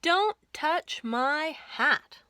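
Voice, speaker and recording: A woman's voice: high-pitched, animated, very slow, sharp tone, dry recording, clean studio sound, voice pushed up, full character voice. Sheriff John, a woman doing a drawling cowboy. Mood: warning. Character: gruff Old West sheriff, man, doting on his hat. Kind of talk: storybook read-aloud.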